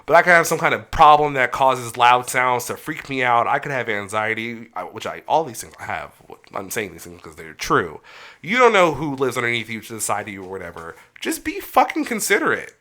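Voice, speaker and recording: A man in a medium pitch holds forth on a casual podcast, venting his grievances with heated profanity. He tells his stories animatedly. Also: brisk. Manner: animated storytelling. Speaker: podcast host.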